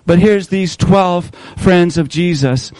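Fairly high-voiced male preacher, close and dry. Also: darkish tone, no room sound, low-quality recording. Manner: asks the congregation questions, slows for emphasis. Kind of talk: sermon.

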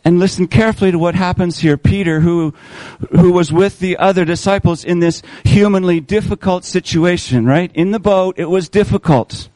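A man preaching a sermon, asking his listeners questions and slowing down on key words to stress them. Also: high voice, darkish tone, dry recording, rough recording. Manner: asks the congregation questions, slows for emphasis.

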